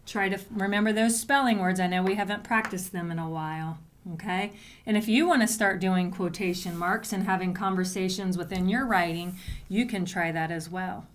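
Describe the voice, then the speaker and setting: A woman's voice: on the low side, moderate pace. A woman teacher giving a recorded writing lesson to young students, patiently explaining step by step and sounding out letters. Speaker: elementary school teacher.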